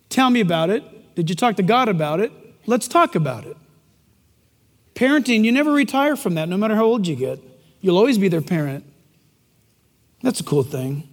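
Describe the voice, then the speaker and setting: High-voiced, animated male preacher. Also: long reverb tail. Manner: animated, jokey, emphatic. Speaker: pastor. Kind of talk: sermon.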